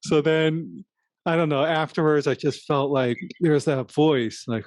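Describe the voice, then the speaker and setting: A man's voice: fairly high pitch, fairly even intonation, unhurried, darkish tone, no room sound. Guy rambling thru a story, lots of restarts, dry close mic, kinda reflective. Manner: self-reflective, acts out his own inner voice. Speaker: podcast co-host. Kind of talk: casual conversation.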